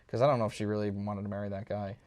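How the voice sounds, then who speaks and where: A young man co-hosting a casual movie review podcast, retelling scenes in an animated, jokey way. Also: fairly low pitch, very fast. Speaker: podcast co-host.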